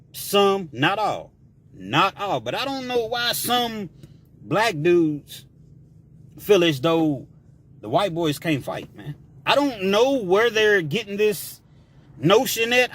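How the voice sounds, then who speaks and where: A man tells a story with animated energy in a fairly high voice. His slangy talk rises and falls sharply, and he shouts sound effects for emphasis. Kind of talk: casual storytelling.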